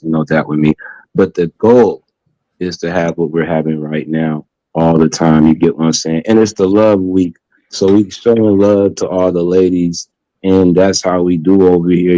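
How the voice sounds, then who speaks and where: A man with a very deep, mellow voice hosts a relaxed podcast conversation. He talks in loose, slangy phrases and keeps checking in with his listeners. The sound is dry and slightly dull. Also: no echo. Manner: laid-back, slangy, repeats "you know what I'm saying". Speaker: podcast host. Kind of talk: casual chat.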